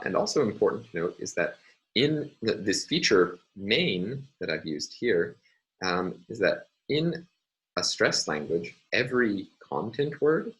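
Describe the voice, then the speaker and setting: Low-voiced man giving a lecture. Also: a bit bright, rough recording. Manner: measured, explanatory, with frequent fillers. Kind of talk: recorded university lecture.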